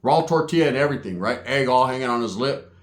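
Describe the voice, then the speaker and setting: A man's voice: medium pitch, animated, quick pace, reverberant. A man telling a comic street story in a casual, profane way, tagging his lines with "right?".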